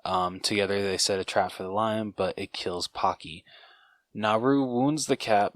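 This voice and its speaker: Young guy on a podcast recapping a movie, low voice, trips on names and cusses, dry close sound. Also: no room sound. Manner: stumbles over names, swears and laughs at himself. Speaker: podcast co-host. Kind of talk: casual podcast plot recap.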